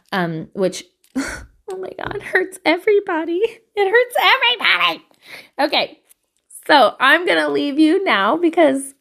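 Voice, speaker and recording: A woman, a mother, talks straight to her viewers about raising kids. Her voice sits a little high and bright, and she is loose and candid, breaking into laughter and dropping the odd swear word. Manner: chatty and candid, laughs often, swears casually. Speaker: parent sharing advice. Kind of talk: casual parenting vlog monologue.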